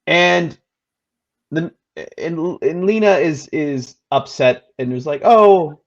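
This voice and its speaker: A man in his thirties co-hosting a casual movie chat, expressive and quick to swear and laugh. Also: fairly high pitch, gravelly. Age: 30s. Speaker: co-host. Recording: dull lo-fi sound.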